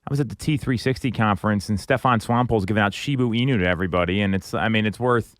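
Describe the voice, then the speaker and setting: A man hosts a radio talk show, talking fast in a low voice and tripping over repeated words as he goes. The sound is close and dry. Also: no echo. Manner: quick, stumbling restarts. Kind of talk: casual radio chat. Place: radio studio.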